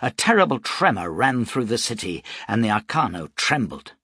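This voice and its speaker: A man narrating an audiobook in a measured, dramatic storytelling manner. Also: mid-range voice, very animated, bright, forceful tone, husky, no echo, studio quality.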